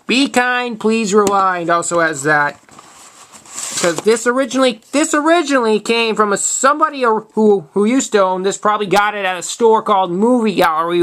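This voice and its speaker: Young man in his twenties, casual collector vlog, stop-start delivery with frequent word restarts, plain unhurried tone. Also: high voice, a bit bright. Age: 20s. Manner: halting, restarts words, plain matter-of-fact tone. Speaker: video collector showing tapes. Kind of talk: casual show-and-tell vlog.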